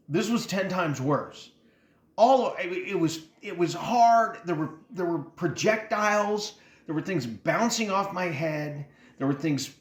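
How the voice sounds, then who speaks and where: A middle-aged man from Texas telling comic stories from his childhood, animated and laughing as he acts out moments. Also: high-pitched. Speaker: storyteller. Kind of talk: comic personal storytelling. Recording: roomy sound with faint music.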